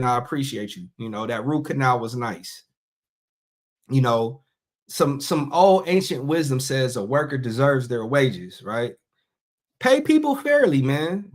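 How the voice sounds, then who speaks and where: A middle-aged man hosting a casual monologue show, talking in a loose, conversational way and stretching out phrases for emphasis. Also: a little high. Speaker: podcast host.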